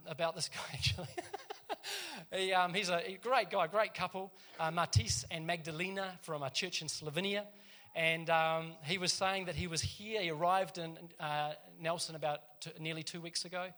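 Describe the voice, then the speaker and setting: A man's voice: a little high, sharp tone. A man, a pastor giving a casual, chatty sermon in a church and laughing often as he tells stories.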